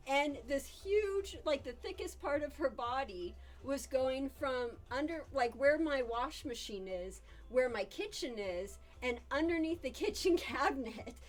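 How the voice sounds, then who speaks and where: A woman's voice: high voice, a little slow, few pauses, faint music behind. A woman hosting a casual live stream, chatting with viewers, reading their comments aloud and answering them, and laughing often as she tells stories. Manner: laughs often, lively when telling stories. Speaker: live-stream host teaching casino games.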